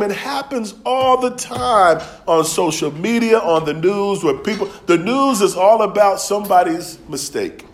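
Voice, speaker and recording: A man's voice: high voice, expressive, measured pace, few pauses. A man preaching a sermon, telling stories in a loose, conversational way with laughs along the way. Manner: storytelling, conversational, with dialect and laughs.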